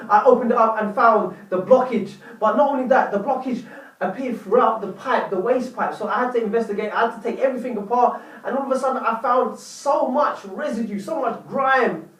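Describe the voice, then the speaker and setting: A young man vlogging, telling a story to his viewers in a dramatic, animated way. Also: extremely high pitch, reverberant, recorded from a distance, rough recording. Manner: animated, dramatic retelling with repeated "lo and behold". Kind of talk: casual storytelling to camera.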